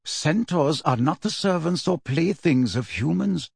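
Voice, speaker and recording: A man voicing a calm, aloof male centaur teacher, speaking in a measured, quietly dismissive way. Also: on the high side, vocal fry, husky, no echo, clean studio sound, full character voice. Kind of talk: audiobook character reading.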